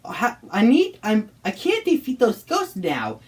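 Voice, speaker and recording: Woman doing pete, eager cartoon hero boy, gets cross easy, slow bouncy talk. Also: a little high, huge pitch swings. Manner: eager, shouts battle roars. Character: young male hero fighting ghosts, easily cross.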